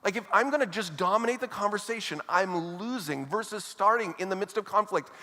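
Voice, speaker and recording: A man preaching a sermon as pastor, talking to the congregation in a casual, conversational way with quick asides. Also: high voice, pushed and bright. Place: church auditorium. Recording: long hall reverb.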